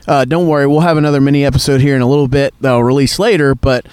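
A man's voice: mid-range voice, fairly even intonation, very fast, a little mellow, clear, resonant tone, no echo. A man hosting a casual chat by a cold outdoor campfire, jokey and laughing easily. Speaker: podcast host and pastor.

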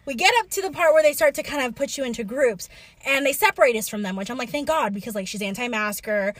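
A woman's voice: a little high, fast talker, fairly bright tone, no echo. A young woman telling a story in casual chat, acting out quotes with many fillers.

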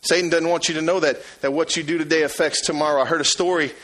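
A man delivers a sermon in a high, bright voice. He repeats his words for emphasis and swings from loud urging to hushed asides. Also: steady tone, fast, low-quality recording. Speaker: preacher.

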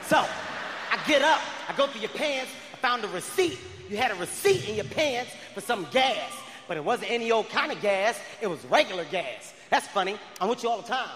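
A male stand-up comedian doing a routine for a live audience, loud and often shouting. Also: extremely high pitch, sing-song, brisk, slight background noise. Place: large venue before a live audience. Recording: long reverb of a large hall.

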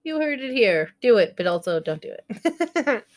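A woman in her thirties co-hosting a casual podcast, her voice sitting a little high. She makes jokes at her own expense and laughs often. When she quotes anyone she jumps into high, squealing voices. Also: big pitch swings, moderate pace. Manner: joking, self-mocking, laughs often. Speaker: podcast co-host. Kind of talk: casual chat.

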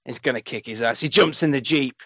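A man's voice: mid-range voice, a little fast, no room sound. Sweary man retelling a plot. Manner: animated, sweary storytelling. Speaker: podcast co-host. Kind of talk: casual chat retelling a film plot.

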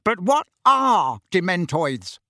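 Casting: blustering bully uncle, high and loud, swooping pitch, put on by a male reader. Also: sing-song, slow, no room sound, clean studio sound, exaggerated voice. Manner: loud, roaring and indignant. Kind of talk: audiobook character voice.

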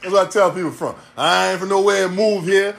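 A man's voice: sits high, brisk, gravelly, a bit bright. A man, hosting a podcast in a blunt, profane, streetwise ranting monologue. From New York City. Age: 40s. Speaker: podcast host.

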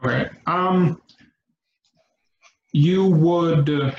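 A man running a tabletop game as game master, narrating in a relaxed way with frequent pauses and ums. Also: a little high, a little hiss or hum. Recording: echoey, dull lo-fi room.

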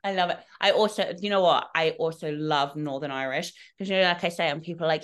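A woman's voice: sits low, fast, few pauses. A woman co-hosting a podcast in casual chat, laughing often and swearing freely. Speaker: podcast co-host.

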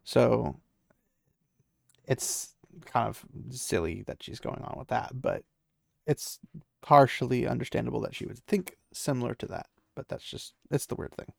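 A book recapper with a creaky, darkish, medium-pitched voice casually retells a fantasy novel at a measured pace. He rambles, loosely acts out the characters' lines, and adds opinionated asides. The recording is dry and studio quality.

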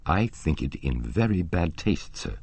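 A man's voice: extremely low pitch, very animated, a little slow, a little mellow, breathy edge, no echo, exaggerated voice. Man doing a timid, frightened house manager. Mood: anxious.

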